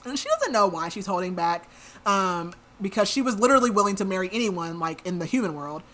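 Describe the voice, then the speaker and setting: Speaking quickly with a sing-song lilt, a woman of medium pitch and fairly bright tone hosts a podcast. She retells a book's story casually and chattily, her speech full of fillers and repeated "likes."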